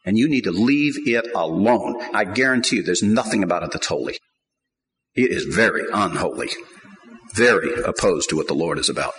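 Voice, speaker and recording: A man's voice: low-pitched, animated, moderate pace, low-quality recording. Emphatic male preacher. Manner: emphatic preaching, swinging from quiet to loud. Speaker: pastor. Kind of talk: sermon.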